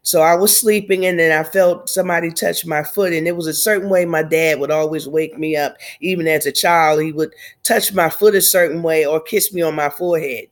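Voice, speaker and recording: A woman in her fifties, slightly nasal from a cold, speaking haltingly through grief in a personal video diary. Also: low-pitched, steady tone. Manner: tearful, halting, reflective. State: congested from a cold. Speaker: vlogger.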